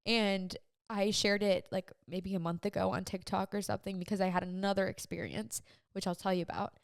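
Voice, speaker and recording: A woman's voice: mid-range voice, flat delivery, fairly quick, gravelly, clean tone, no room sound, clean studio sound. A young adult woman hosting a podcast, telling a personal story in an earnest, emotional, chatty way full of "like.". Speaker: podcast host.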